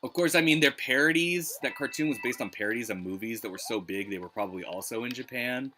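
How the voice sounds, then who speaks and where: A man's voice: mid-range voice, fast, bright, forceful tone, soft background music. A man streaming retro gameplay live, rambling in casual chat and swearing freely. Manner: rambling, swears, lots of restarts. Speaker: gaming streamer.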